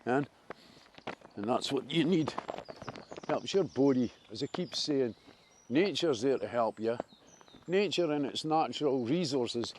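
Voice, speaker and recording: This Scottish vlogger's mid-range, darkish voice has lively intonation and a measured pace broken by long pauses. He chats casually as he walks through a wooded park, rambling eagerly about trees and nature, with slight background noise.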